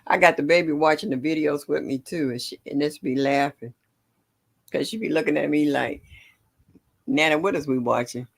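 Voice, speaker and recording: An older woman hosting a casual gardening livestream, greeting viewers by name and chatting warmly. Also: sits low, moderate pace, gravelly, husky. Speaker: livestream host.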